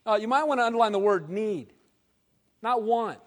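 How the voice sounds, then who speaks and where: A man preaching a sermon as pastor, animated and conversational, with casual slang. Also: high-pitched, moderate pace. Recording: long hall reverb.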